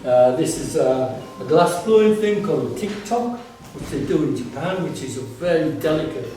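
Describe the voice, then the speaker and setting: During an informal gallery talk in an exhibition space, an artist-curator with a fairly high, expressive, dark-toned voice recounts anecdotes from his life at a moderate pace. He rambles, restarting and using fillers, and a little hiss or hum accompanies a distant, echoey recording.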